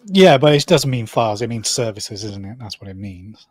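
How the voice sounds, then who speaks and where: A man co-hosting a casual live-stream chat, dropping dry wisecracks and trailing off quietly. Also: on the low side, lively intonation, moderate pace, no room sound. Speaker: co-host.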